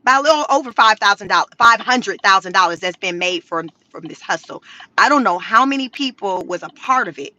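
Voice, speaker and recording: A woman's voice: medium pitch, animated, fairly quick, sharp tone, no room sound, poor audio. A woman giving casual, slangy commentary on the news, talking straight to her viewers and telling the story with animation. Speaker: commentary vlogger.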